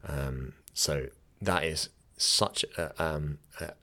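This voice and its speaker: A man's voice: extremely low pitch, slow, pushed and bright. A man, a yoga teacher giving casual, direct teaching advice with chatty asides. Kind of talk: instructional talk.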